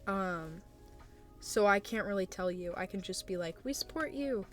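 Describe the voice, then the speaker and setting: A young woman streaming live, talking casually and gently to her chat, hesitant and supportive with many fillers. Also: lowish voice, steady tone, normal speed, faint music behind. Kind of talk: casual live-stream chat, reading and answering viewer messages.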